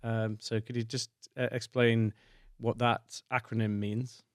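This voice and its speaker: A man's voice: mid-range voice, flat delivery, measured pace, smooth, no echo, studio quality. A man in his forties hosting a podcast interview, asking long, rambling questions. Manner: rambling, uses many fillers. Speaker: podcast host.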